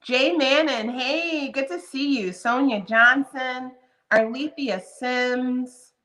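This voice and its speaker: A woman's voice: high-pitched, slow pace, bright, forceful tone. A woman in her fifties hosting a live stream, chatting casually and greeting viewers one by one by name. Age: 50s. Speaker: livestream host.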